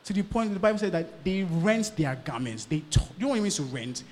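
A male pastor preaches in a somewhat high voice, rising to loud bursts and dropping to hushed lines. He keeps checking in with his listeners as he goes. His voice rings with the long reverb of a large hall. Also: very animated, fast, few pauses, slight background noise. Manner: preaching with sudden swings from loud to hushed, repeated questions to the congregation. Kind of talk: sermon.

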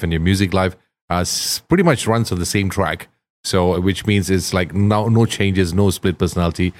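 Joking low-voiced host. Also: male voice. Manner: loose, joking, uses slang like "man" and "dude". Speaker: podcast host. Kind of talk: casual interview chat.

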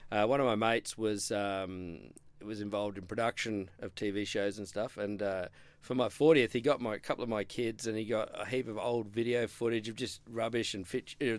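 A man's voice: lowish voice, smooth, no echo. Chatty middle-aged man, dry sound. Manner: chatty, rambling storyteller who acts out quoted dialogue. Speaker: podcast guest. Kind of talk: casual storytelling interview.

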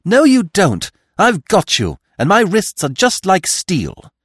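Cheeky young female acrobat, high raised voice, lively, dry sound, played by a man. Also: normal speed, no echo, natural voice. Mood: fierce.

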